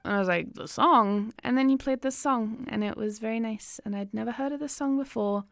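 A woman's voice: fairly high pitch, fairly quick, creaky, no room sound, studio quality. A woman from the Seychelles hosting a radio show, chatting casually between songs with lots of fillers. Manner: chatty, filler-heavy, self-deprecating. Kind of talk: casual chat introducing songs.

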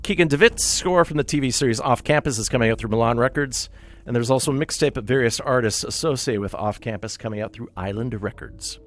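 A man's voice: medium pitch, quick pace. Wry male radio host reading releases. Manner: wry, self-correcting, list-reading delivery. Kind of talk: casual radio show announcements.

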